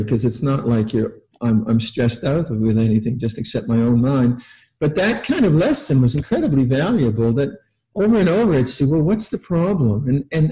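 A man's voice: mid-range voice, dark tone, low-quality recording. An older man giving a casual meditation talk, laughing often, repeating words and acting out little quotes in a raised voice. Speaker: meditation teacher. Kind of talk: dharma talk.

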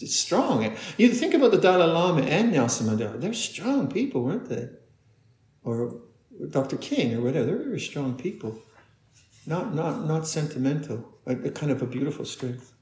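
A man teaching meditation in a dharma talk, speaking haltingly, often repeating words and laughing softly. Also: on the high side. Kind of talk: dharma talk answering questions. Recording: echoey room.

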